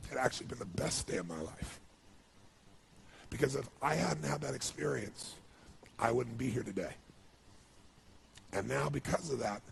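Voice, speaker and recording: A man's voice: medium pitch, creaky, slight background noise. A man giving an earnest, emotional storytelling speech as a motivational speaker, with lots of "you know.".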